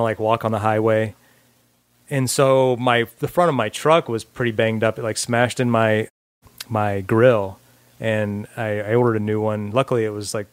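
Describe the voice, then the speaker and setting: A man's voice: mid-range voice, dry recording. Casual man telling a story, dry sound. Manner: relaxed storytelling with many fillers and restarts. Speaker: podcast co-host. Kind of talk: casual chat.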